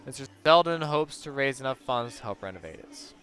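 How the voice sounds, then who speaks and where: A modest watchmaker chatting at a charity gala in a video game, read out by a man. He talks mildly and slowly, in a clear, bright voice. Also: mid-range voice, expressive, natural voice.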